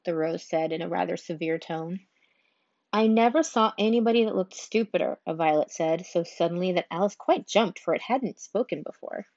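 A woman reading a children's storybook aloud, unhurried, now and then stumbling and restarting a word. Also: on the low side, darkish tone, dry recording, muffled recording. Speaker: reader.

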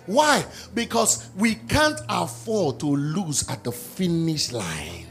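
A high-voiced pastor preaches with wild swings in pitch, rising to shouts and dropping low to act out quotes. Faint music plays under him in the church. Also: male voice, takes it slowly, few pauses. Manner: animated preaching, shouting peaks, acted-out quotes. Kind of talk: sermon. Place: church service.

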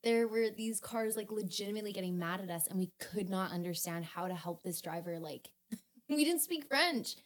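A young woman, a podcast guest telling a story in a casual, animated way, laughing and swearing often. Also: mid-range voice, moderate pace.

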